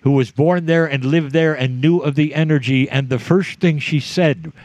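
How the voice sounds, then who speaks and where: A man delivering a channeled spiritual message to a live audience, speaking in short measured phrases and addressing the listeners directly. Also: fairly high pitch, a little mellow, muffled recording.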